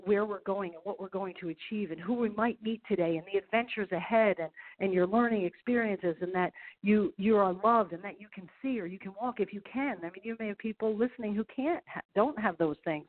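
A middle-aged woman, a golf professional and speaker, talking as an upbeat, motivational radio interview guest. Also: medium pitch. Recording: tinny phone line.

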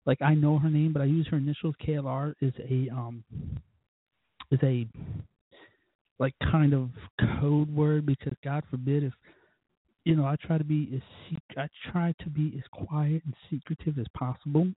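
A man's voice: a little high, fairly even intonation, normal speed, husky, no echo, phone-quality sound. A man hosting his own podcast, talking in a rambling, self-deprecating way and cursing constantly. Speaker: podcast host. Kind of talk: rambling, profane solo podcast talk.

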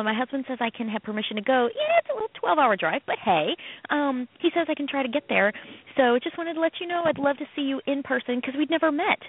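A woman co-hosting a casual radio chat, telling a story in an animated way and acting out quoted voices. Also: sits high, slightly rough. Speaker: co-host, comedian. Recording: tinny phone-like radio sound.

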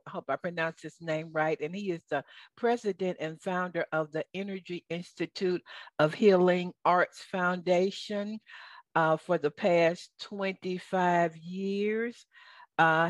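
A woman's voice: on the low side, no room sound. A woman with a Southern accent hosting a radio interview, chatty and enthusiastic. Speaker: radio show host.

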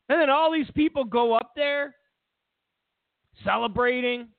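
A man's voice: very high voice, measured pace, no room sound, narrow, tinny audio. A man hosting a commentary show, talking in a mocking tone and acting out what others said. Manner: mocking, acts out quotes in silly voices. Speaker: host. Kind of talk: political commentary monologue.

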